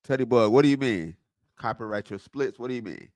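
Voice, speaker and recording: Here the Southwest Florida streamer talks briskly in a mid-range voice, spinning animated stories and responding to viewer comments. The sound is dry and studio quality.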